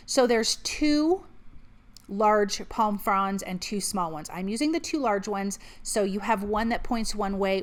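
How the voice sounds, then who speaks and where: Friendly woman narrating her craft tutorial, chatty and upbeat, goes step by step. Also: medium pitch. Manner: chatty, upbeat, walks through each step. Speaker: card-making channel host.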